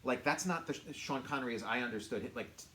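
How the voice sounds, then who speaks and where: A man's voice: mid-range voice, quick pace, pushed and bright. Middle-aged male co-host, loose rambling chat full of fillers, roomy recording with faint hiss. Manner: rambling, lots of "like" and restarts. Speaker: podcast co-host. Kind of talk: casual chat.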